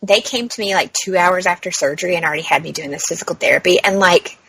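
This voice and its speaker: A bright-voiced woman co-hosting a casual podcast, telling a story at an easy pace. She acts out what others said with sudden jumps up in pitch and swears freely. Close, dry sound. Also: fast, slightly rough, no echo, low-quality recording. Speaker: podcast co-host. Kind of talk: casual chat.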